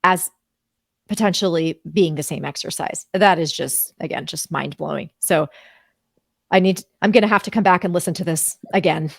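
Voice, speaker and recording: A woman host of an interview show who reacts effusively and warmly to what her guest says, in a casual chat. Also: on the low side, normal speed, creaky, no echo, clean studio sound.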